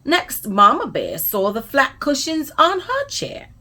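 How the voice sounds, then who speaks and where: A woman storyteller reading a children's bedtime story aloud in an expressive, soothing way. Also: high-pitched, a little slow, few pauses. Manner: expressive, soothing, trailing into soft whispers at the close.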